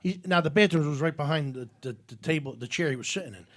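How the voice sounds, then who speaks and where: Male talk show host, slightly higher pitch, rambling storyteller, casual chat, lots of um and uh. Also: quick pace. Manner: rambling, many fillers and restarts.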